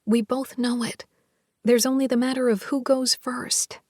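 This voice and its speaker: A woman narrating a first-person romance audiobook in a soft, half-whispered, intimate delivery. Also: fairly high pitch, fairly even intonation, normal speed, no room sound, clean studio sound.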